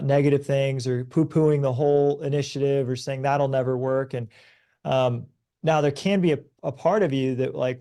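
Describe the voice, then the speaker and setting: Guy in his 30s on a podcast, mellow warm voice, earnest storyteller, gets animated. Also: medium pitch. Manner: earnest, storytelling, animated when recounting events. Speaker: podcast guest. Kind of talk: conversational advice talk.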